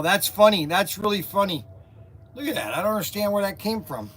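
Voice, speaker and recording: A man hosting a casual livestream from a warehouse workspace, telling rambling, animated stories with lots of jokes. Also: sits high, moderate pace, faint music behind. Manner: rambling, animated storytelling, joking. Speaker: host of a toy and hobby shop livestream.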